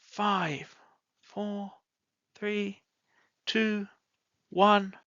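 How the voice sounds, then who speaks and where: An English teacher giving a scripted online grammar lesson, deliberately acting out example sentences with exaggerated rising and falling intonation. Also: mid-range voice, very animated, pushed and bright, no room sound. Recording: dull lo-fi audio, dry close sound.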